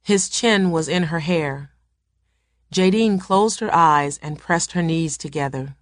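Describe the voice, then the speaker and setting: A woman narrates a novel in a low, steady voice. The pace is measured, and she keeps the narration even. It sounds close to the mic in a dry space. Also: no echo. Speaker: reader. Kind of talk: reading a novel aloud.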